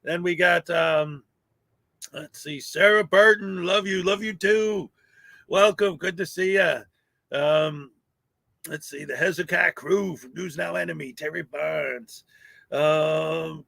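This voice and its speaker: A man's voice: high-pitched, slow, vocal fry, pushed and bright, no room sound. A man hosting a morning livestream, cheerfully greeting chat viewers by name in casual talk. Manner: upbeat, greets viewers by name, laughs often. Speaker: livestream host. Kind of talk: casual live chat shout-outs.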